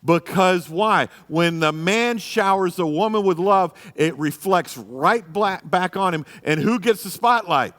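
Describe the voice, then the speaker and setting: Pastor preaching a marriage class, fires off questions to the room, fairly high voice, long church echo. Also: male voice, expressive, measured pace, hardly any pauses, fairly bright tone. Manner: emphatic, rhetorical questions. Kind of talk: church lesson. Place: church hall. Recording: live church room with reverb.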